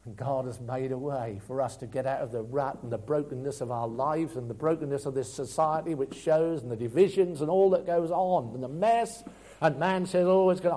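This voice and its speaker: Earnest preacher, mellow voice. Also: male voice, mid-range voice. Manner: earnest preaching, swings between loud emphasis and quiet asides. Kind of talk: sermon.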